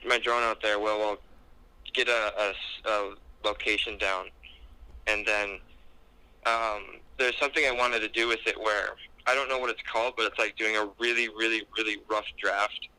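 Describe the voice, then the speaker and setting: Young man, just woke up, halting, lowish pitch with a bright edge. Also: no echo, rough recording. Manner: halting, many fillers, groggy morning voice. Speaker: friend on a call. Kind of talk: casual chat.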